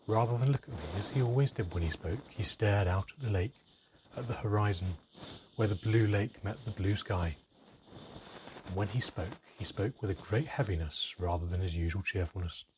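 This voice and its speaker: A man reading a story aloud in measured, even scripted narration. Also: fairly low pitch, background noise. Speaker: audiobook narrator.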